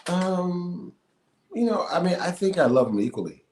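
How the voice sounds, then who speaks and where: His voice sits high and moves at normal speed: a middle-aged man who acts and sings, guesting in a casual interview. He tells stories with animation, many fillers and frequent laughter, in an echoey room carrying faint noise.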